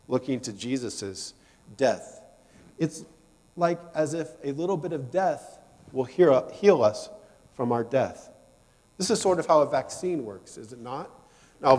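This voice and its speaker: A man's voice: medium pitch, a little mellow. A man preaching a sermon in a church, talking in a conversational way and asking the congregation questions. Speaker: pastor. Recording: long hall reverb.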